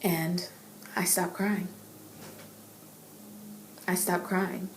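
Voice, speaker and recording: A young adult woman earnestly recounting a personal faith testimony, emotional and halting, with frequent repeats. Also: lowish voice, little pitch movement, a little hiss or hum. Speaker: inspirational vlogger. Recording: echoey room with faint ambience.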